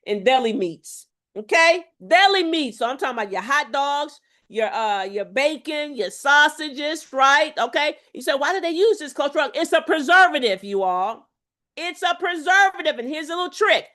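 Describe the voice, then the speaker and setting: A woman health coach giving an energetic, preachy lecture, calling to her audience again and again and swinging between loud exclamations and low asides. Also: moderate pace. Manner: emphatic, preachy, calls to the audience with repeated "y'all" and "okay?".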